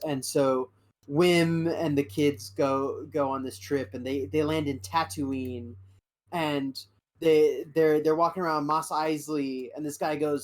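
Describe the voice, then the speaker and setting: Rambling podcast co-host. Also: medium pitch. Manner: rambling, many restarts and fillers. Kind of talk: casual fan chat.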